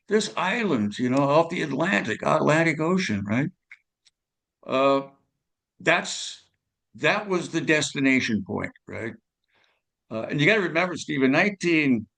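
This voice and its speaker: A man's voice: medium pitch, gravelly, fairly bright tone. An older man, a guest musician telling rambling stories in an interview, full of fillers and tag questions. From California, USA. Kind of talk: storytelling interview.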